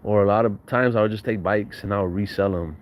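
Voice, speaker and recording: Young man, low voice, casual profane storytelling, slangy, faint background hum. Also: fairly even intonation, fast talker, muffled recording. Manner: slangy, profane, laughs often, acts out quotes. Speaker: storyteller recounting his youth.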